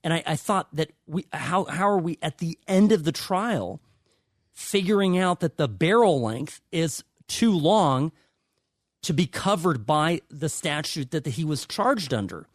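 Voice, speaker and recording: Emphatic halting man with a dry sound. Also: a little high, expressive, no room sound. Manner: halting, many restarts, emphatic. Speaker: co-host, lawyer. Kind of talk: casual legal commentary.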